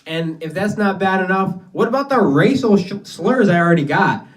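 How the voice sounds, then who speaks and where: A man's voice: high voice, animated, moderate pace, far from the mic. A young man doing his first stand-up set, telling rambling, profane stories in a casual way. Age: young adult. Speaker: stand-up comedian. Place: small basement venue.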